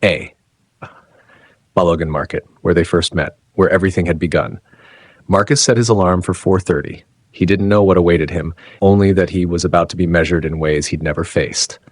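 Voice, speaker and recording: A male narrator reads a dramatic story in measured, clipped phrases. His voice is very low with a husky edge, and the recording is close and dry. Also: fairly even intonation, no echo.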